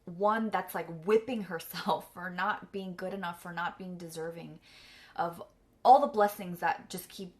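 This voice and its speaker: A woman's voice: on the low side, steady tone, measured pace. A young woman telling a personal story candidly, full of fillers and close to tears. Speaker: vlogger and coach.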